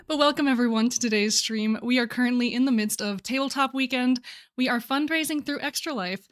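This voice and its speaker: Bubbly, slightly high-voiced woman streamer. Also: moderate pace. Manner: bubbly and excitable, laughs often, flustered. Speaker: livestream host. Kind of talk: casual live-stream chat.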